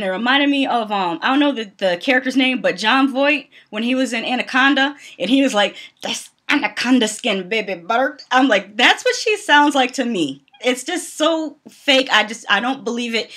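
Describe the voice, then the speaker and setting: A woman's voice: a little high, sharp tone. Blunt, chatty young woman vlogger. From Northeastern US. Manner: blunt and opinionated, laughs often, many "um"s. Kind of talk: casual reality-TV commentary.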